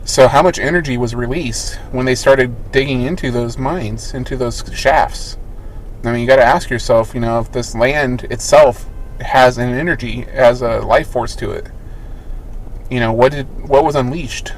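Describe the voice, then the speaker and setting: A man's voice: mid-range voice, normal speed, a little hiss or hum, rough recording. A man co-hosting a paranormal podcast, talking emphatically and posing rhetorical questions. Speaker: podcast co-host. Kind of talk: casual paranormal podcast chat.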